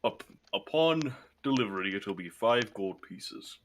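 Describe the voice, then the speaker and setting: A man voicing a burly, white-bearded dwarf toymaker, gruff but kindly. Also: fairly low pitch, lively intonation, measured pace, slight background noise. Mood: friendly.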